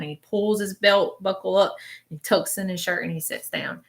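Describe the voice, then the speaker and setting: A woman's voice: mid-range voice, moderate pace. A woman giving a live-stream reading as a spiritual medium, describing visions in a rambling, hesitant way and often checking in with "okay?". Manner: rambling, checks in with listeners with frequent "okay?" tags; describes visions in present tense, hesitant and searching.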